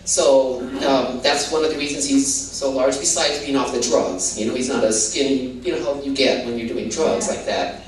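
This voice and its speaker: Speaking in a very deep voice at a normal speed with hardly any pauses, an older Hawaiian woman shares her testimony as a guest. Her telling is casual and meandering, full of "you know" and restarts, captured on a distant mic in a roomy space with faint noise behind it.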